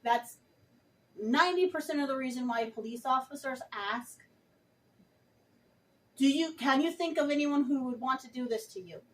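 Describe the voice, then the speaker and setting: A woman's voice: high voice, moderate pace, pauses often, far from the mic, poor audio. A woman vlogger speaking passionately and emphatically, addressing her viewers directly. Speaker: vlogger reviewing a book. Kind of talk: earnest direct-to-camera talk.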